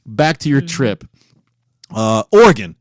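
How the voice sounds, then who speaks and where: A man co-hosting a casual podcast from a home recording room, cursing freely and breaking into loud disbelief. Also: mid-range voice, sing-song, unhurried, no echo, clean studio sound. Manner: profane, incredulous, loud bursts of disbelief. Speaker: podcast co-host. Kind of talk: casual banter.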